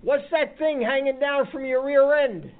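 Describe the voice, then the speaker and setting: A man's voice: extremely high pitch, unhurried, voice pushed up. A man voicing God as a patient, fatherly deity who teasingly explains things, in a story told to a group. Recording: tinny phone-like sound.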